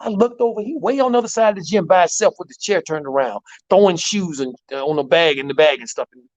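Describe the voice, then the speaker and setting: A man, a basketball coach, telling a long story in an animated way, repeating words and using many fillers. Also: on the high side, fast talker. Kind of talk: storytelling in a talk show. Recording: dull lo-fi sound.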